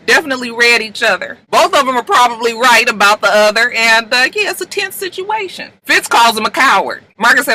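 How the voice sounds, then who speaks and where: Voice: medium pitch, lively intonation, brisk, few pauses, sharp tone, poor audio. A speaker casually recapping a TV episode, telling the story with slang and acting out characters' lines along the way. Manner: salty slang, addresses viewers directly. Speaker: TV show recapper.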